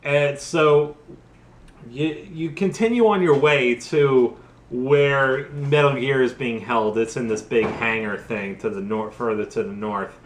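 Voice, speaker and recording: A man's voice: medium pitch, takes it slowly, roomy sound, a little hiss or hum. A young adult man casually recapping a video game for laughs, tipsy and rambling with lots of restarts. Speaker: host.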